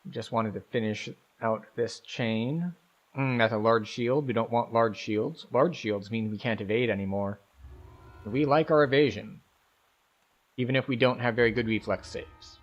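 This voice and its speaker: A man's voice: medium pitch, normal speed, highs cut off. Man casually commenting on his gameplay. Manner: thinks aloud, explains game mechanics at an easy pace. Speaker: game streamer.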